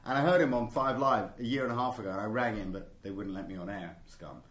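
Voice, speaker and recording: A man's voice: fairly low pitch, quick pace, fairly bright tone. A man hosting a live stream show, joking, rambling and teasing his guests. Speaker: show host. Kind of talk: casual live-stream chat. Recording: echoey room.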